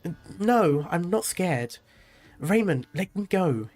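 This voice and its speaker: A man's voice: high voice, lively intonation, takes it slowly, a little mellow. A man reading aloud the lines of a grief-stricken young winged woman from a game, in a mostly plain, lightly acted voice. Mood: pleading.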